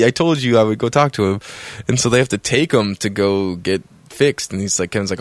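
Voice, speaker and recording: A man's voice: on the low side, moderate pace, no echo. A man co-hosting a casual podcast, retelling TV scenes with acted-out quotes and casual swearing. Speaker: podcast co-host. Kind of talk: casual chat recapping a TV episode.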